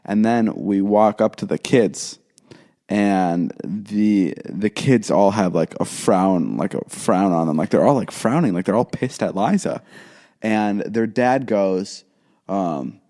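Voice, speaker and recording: A young man co-hosting a podcast, telling a story in casual chat, acting out quotes in a higher voice with lots of fillers and restarts. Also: slow pace, mellow. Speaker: podcast co-host.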